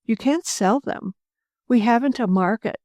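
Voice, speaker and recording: A woman's voice: on the high side, measured pace, darkish tone, no echo, clean studio sound, close to an everyday voice. A woman voicing a plump, kindly older farm wife who talks in a homely, matter-of-fact way.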